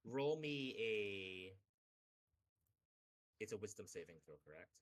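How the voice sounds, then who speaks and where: A man's voice: on the low side, expressive, takes it slowly. A man running a tabletop game as game master, narrating in a casual, loose way with many fillers.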